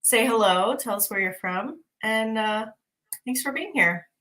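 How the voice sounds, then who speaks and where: A woman's voice: on the high side, expressive, a little slow, bright, forceful tone, poor audio. A woman hosting a livestream as a spiritual teacher, talking in a bubbly, enthusiastic, effusive way. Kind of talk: livestream casual chat.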